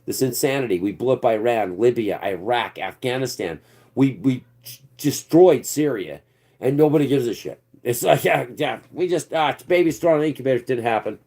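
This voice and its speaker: A man's voice: medium pitch, expressive, moderate pace, mellow. A man hosting his own political commentary channel, ranting off the cuff in a rambling, sarcastic and profane way.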